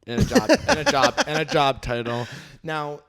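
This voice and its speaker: A man's voice: fairly high pitch, sing-song, vocal fry, a crowd in the background. A man co-hosting a casual comedy podcast, joking and teasing the others in a playful way. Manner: playful, quick jokes and teasing. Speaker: podcast co-host.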